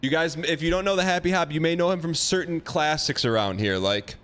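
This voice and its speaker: A man streaming a game live, chatting casually with viewers in a rambling, halting, playful way. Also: a little high, loud music behind the voice.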